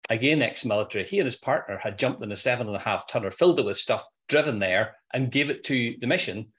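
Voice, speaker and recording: A man, a financial planner on a podcast, telling an animated anecdote in casual conversation. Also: mid-range voice, fast talker, muffled recording. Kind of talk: conversational storytelling.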